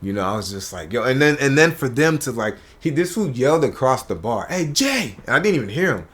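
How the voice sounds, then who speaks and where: A man's voice: medium pitch, fast. A man, a comedian guest on a podcast, telling stories casually in a studio and acting out what people said. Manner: animated storyteller acting out quotes. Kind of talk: casual storytelling chat.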